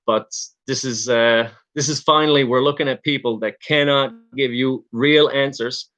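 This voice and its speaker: A man's voice: medium pitch, steady tone, normal speed, bright, forceful tone, dull audio. A man from Newfoundland with a Newfoundland accent, hosting a casual livestream, rambling with many restarts and talking to his chat. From Newfoundland, Canada. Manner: rambling, frequent restarts and fillers, talks to chat. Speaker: livestream host.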